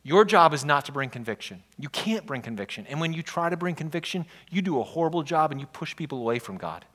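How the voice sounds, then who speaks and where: A man's voice: a little high, fast talker. A man pastor preaching a sermon in a conversational, storytelling way. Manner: conversational preaching with animated, exasperated retellings.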